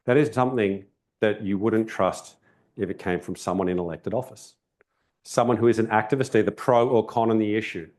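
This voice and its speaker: Casting note: Australian man, keynote speaker, lowish voice, conversational and emphatic. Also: brisk, darkish tone. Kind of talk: public talk. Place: event venue.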